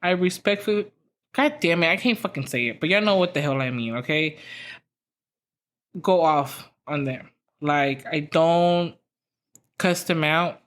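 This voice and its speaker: A woman's voice: sits low, a little slow, long pauses. Profane, rambling woman telling a story. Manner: profane, rambling, lots of "like" fillers. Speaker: podcast host. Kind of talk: casual storytelling.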